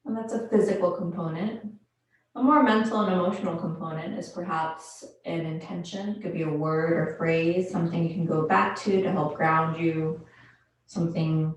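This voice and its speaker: Woman yoga instructor, slightly low voice, calm paced cues, very roomy distant recording. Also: a little hiss or hum. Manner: slow, calm guided cues with pauses. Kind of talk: guided yoga class instruction. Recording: very echoey room, mic far off.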